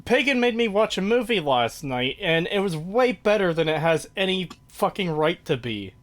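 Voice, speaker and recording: A man's voice: high voice, sing-song, moderate pace. Cussing young male podcast host. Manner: swears freely, ranting and exasperated. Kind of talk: casual chat.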